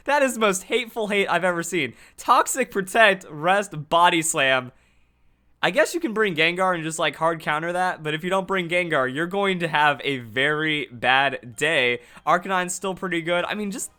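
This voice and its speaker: A man giving excited, fast commentary on a game, restarting his sentences often. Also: sits high. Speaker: gaming youtuber.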